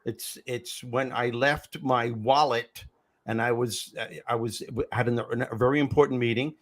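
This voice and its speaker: A man's voice: mid-range voice, steady tone, normal speed. A man hosting a podcast conversation, telling stories with emphasis. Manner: emphatic storyteller. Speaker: host.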